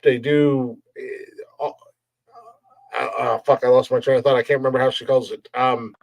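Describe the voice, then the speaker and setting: A man's voice: medium pitch, little pitch movement, moderate pace, creaky. A man co-hosting a casual comedy podcast, swearing freely, rambling, and slipping into wrestling-announcer hype. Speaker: podcast co-host.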